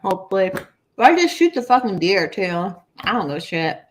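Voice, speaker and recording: A young woman co-hosting a podcast, telling stories in casual, animated chat full of swearing. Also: medium pitch, normal speed, a little hiss or hum. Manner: animated, profane, storytelling. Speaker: podcast co-host.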